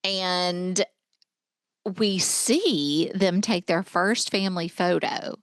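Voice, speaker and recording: Chatty woman podcaster, low voice. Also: drawn-out words, clean tone, no echo. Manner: chatty, recaps scenes with many fillers. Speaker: podcast co-host. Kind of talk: casual movie discussion.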